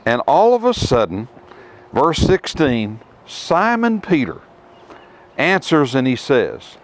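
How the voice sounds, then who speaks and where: A middle-aged man teaching scripture outdoors to a tour group, emphatic, with rhetorical questions and dramatic pauses. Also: mid-range voice, huge pitch swings. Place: outdoors at ruins.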